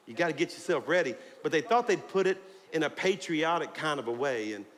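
A male pastor preaching a fervent sermon, shouting and calling out to his congregation in a church sanctuary. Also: on the high side, lively intonation, brisk. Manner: fiery, preaching with shouts and call-outs to the congregation. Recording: long hall reverb, faint crowd and noise.

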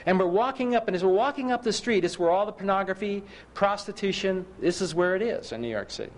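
A man's voice: high voice, lively intonation, fast talker. A middle-aged man preaching a sermon, telling personal stories with self-mocking humor and asking his listeners rhetorical questions.

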